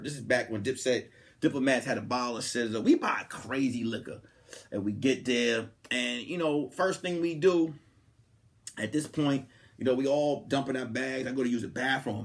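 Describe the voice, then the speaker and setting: Brisk and mid-range, a young man hosting a comedy podcast animates a funny story by voicing the people in it. His delivery jumps from loud outbursts to quiet asides.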